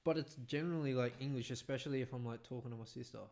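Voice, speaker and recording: A man's voice: mid-range voice, rapid-fire, a little mellow. A young man, co-hosting a podcast, laid-back and laughing often, with casual swearing. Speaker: podcast co-host. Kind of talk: casual chat.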